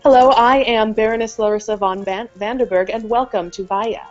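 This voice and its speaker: A woman's voice: fairly high pitch, fairly even intonation, moderate pace, a little mellow, dull audio, soft background music, lightly acted. A woman playing a haughty elf baroness. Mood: gracious. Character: haughty young elf baroness, owns the tavern.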